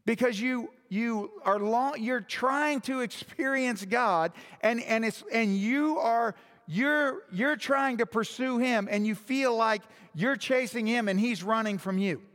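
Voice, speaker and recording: High-voiced preacher in a reverberant hall. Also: male voice, measured pace, a bit bright. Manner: emphatic, with rhetorical questions to the congregation. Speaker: pastor. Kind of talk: sermon.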